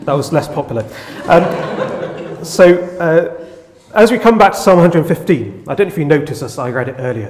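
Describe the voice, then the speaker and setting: A man's voice: on the high side, darkish tone. A man preaching a sermon, opening with light jokes before turning earnest and reflective. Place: church. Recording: echoey church hall, long reverb.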